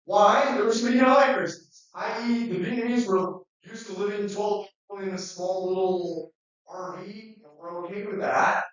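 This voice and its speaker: A man giving a casual, animated classroom lecture, acting out quotes as he goes. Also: high voice, normal speed. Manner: conversational, animated, acts out quotes. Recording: echoey, distant, dull recording.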